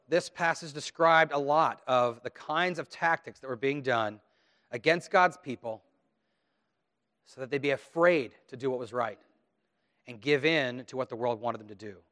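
A pastor giving a children's message and then a sermon, asking his listeners questions and acting out the taunts of children. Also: medium pitch. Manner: asks listeners questions, animated quoted taunts.

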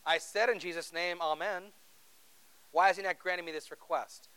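A man's voice: high voice, steady tone, moderate pace, sharp tone, smooth, poor audio. A man preaching a sermon in an earnest, conversational way, asking the congregation rhetorical questions. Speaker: pastor.

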